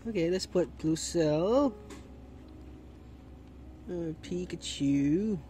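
A man's voice: sits high, lively intonation, drawn-out words, mellow, faint music behind. A man with the hiccups doing chatty, easily delighted commentary while opening trading card packs and thinking aloud. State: has the hiccups. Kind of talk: casual unboxing commentary.

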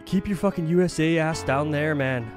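A man's voice: fairly high pitch, moderate pace, over music, natural voice. A man voicing a grumpy, dismissive trucker. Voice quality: gruff, dismissive.

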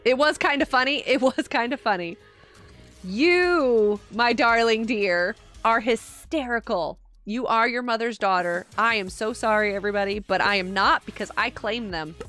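A woman's voice: fairly high pitch, unhurried, sharp tone, faint music behind. A middle-aged woman live-streaming a game, chatting casually with viewers, giggling often and sounding a little tired. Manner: chatty, giggly, reads and answers chat.

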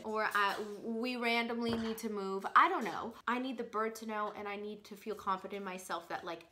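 A woman's voice: medium pitch, sharp tone, slight background noise. A woman vlogger talking casually to camera, rambling and chatty, with many fillers as she tells a story. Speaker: parrot channel vlogger.

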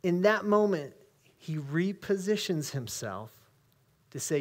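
A male pastor with an American accent, preaching a conversational sermon in a church and reading scripture slowly with emphasis. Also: high voice, very animated. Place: church sanctuary.

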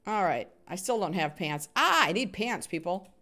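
An animated woman commentates her live game stream, chatting with viewers and cheering on the other players. Her voice swings freely up and down, and she fills quiet moments with hummed little sound effects. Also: on the low side, normal speed. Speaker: gaming streamer.

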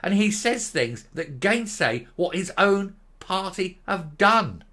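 A man's voice: high voice, sing-song, takes it slowly, bright, forceful tone. A middle-aged man hosting a political commentary show, ranting in a sarcastic, mocking, scornful way.

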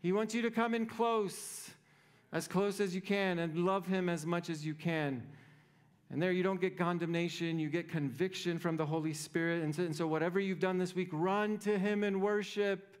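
A man's voice: high-pitched, steady tone, moderate pace, clear, resonant tone. A man preaching a sermon as pastor, conversational and playful, often checking in with the congregation. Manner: conversational, playful, keeps asking "right?".

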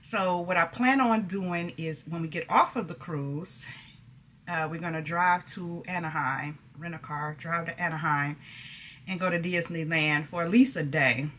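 Woman vlogger, middle-aged, lowish voice, chatty, laughs a lot, faint room ambience. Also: unhurried, a bit bright, a little hiss or hum. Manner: chatty, laughs often, folksy slang. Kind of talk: casual chat to camera.

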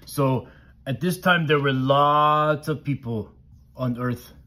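A man's voice: medium pitch, slow pace, sharp tone. A man voicing a friendly male monster puppet who tells a Bible story to a child in broken, simple grammar. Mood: playful.

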